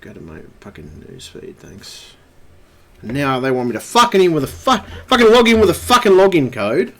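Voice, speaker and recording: A man's voice: on the high side, big pitch swings, moderate pace, vocal fry, a bit bright. A man live streaming at his computer, ranting angrily and swearing constantly. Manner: angry, profane ranting.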